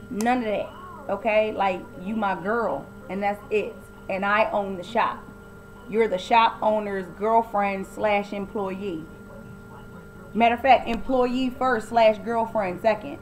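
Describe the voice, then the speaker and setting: A woman's voice: mid-range voice, slow, a little hiss or hum, rough recording. A woman giving a casual, blunt and opinionated recap of a TV episode, often acting out the quoted lines. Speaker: TV recap vlogger.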